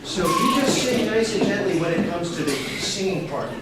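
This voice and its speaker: A woman's voice: mid-range voice, big pitch swings, very noisy. Woman teacher in a very echoey school room. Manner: encouraging, speaks to the class and audience in quick bursts with restarts. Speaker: music teacher. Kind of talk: leading a class recorder performance. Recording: very echoey, distant mic, music behind.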